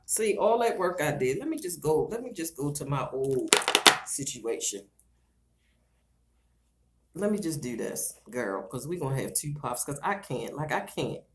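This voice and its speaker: A woman's voice: sits low, big pitch swings, a little slow, background noise. A middle-aged woman with a Baltimore accent, chatting sassily with viewers on a casual livestream vlog. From Baltimore, USA. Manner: sassy, chatty, calls viewers girl and child. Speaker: livestream vlogger.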